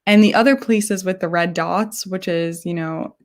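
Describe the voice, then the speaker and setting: A woman from New York giving a live online presentation, explaining in a chatty way with frequent pauses. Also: lowish voice. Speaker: guest presenter.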